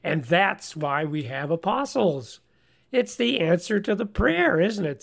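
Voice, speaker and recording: A man's voice: sits high, big pitch swings, a little slow, vocal fry, a bit bright. A middle-aged man hosting a conversational Bible discussion, earnest and folksy, often repeating words as he starts a thought. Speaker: Bible study host.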